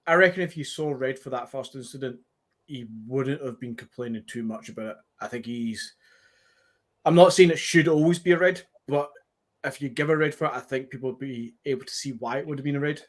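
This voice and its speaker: A man's voice: medium pitch, a little fast. A man with a Scottish accent, earnestly making his case about a match in casual podcast chat. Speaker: podcast co-host.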